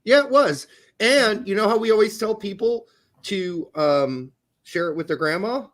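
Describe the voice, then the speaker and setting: A man's voice: high-pitched, unhurried, a bit bright. A man co-hosting a podcast in casual chat, with wry, teasing banter. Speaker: podcast co-host.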